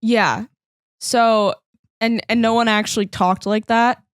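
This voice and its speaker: A woman's voice: a little high, unhurried, clear, resonant tone, no room sound. Chatty woman on a podcast, dry sound. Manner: chatty and expressive, with some ums. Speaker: podcast co-host. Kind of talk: casual film discussion.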